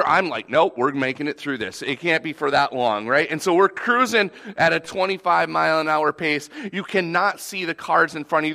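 A man in his thirties preaching a sermon in a lively, conversational way, telling a family story with quick restarts. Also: sits high. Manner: animated, conversational, repeats starts. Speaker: pastor.

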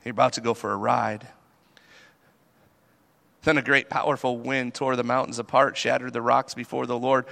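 A pastor with a creaky, mid-range voice preaches a sermon in a conversational, animated style, acting out the people he describes.

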